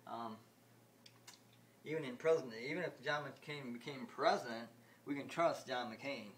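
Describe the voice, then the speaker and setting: A man making a casual home video about video games, talking in a halting, repetitive way with many restarts. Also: medium pitch, fairly bright tone, slight background noise. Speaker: video game vlogger. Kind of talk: rambling home video chat.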